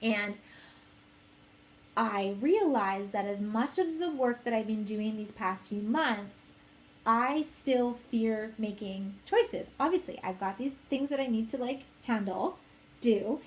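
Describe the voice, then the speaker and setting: A woman's voice: a little high, takes it slowly. A woman in her late twenties talking candidly in an unscripted monologue, rambling and quoting conversations in her own voice. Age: 20s. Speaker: host.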